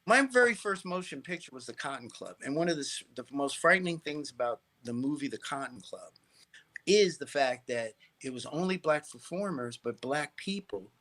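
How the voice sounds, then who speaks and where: A middle-aged man, a guest on an interview show, telling stories in a lively way, restarting phrases and checking in with "right?". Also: on the high side, normal speed. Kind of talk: casual interview storytelling.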